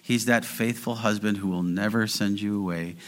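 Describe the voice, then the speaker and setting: A man preaching a sermon in an earnest way, slowing down and rising in volume to stress key phrases. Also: fairly low pitch, steady tone. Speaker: pastor.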